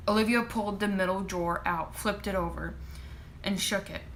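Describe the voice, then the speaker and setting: A woman's voice: mid-range voice, fairly even intonation, fairly bright tone, slight background noise. A woman author reading a chapter of her own novel aloud, then chatting casually about it. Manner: brisk narration, chatty asides. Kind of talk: live reading and casual chat.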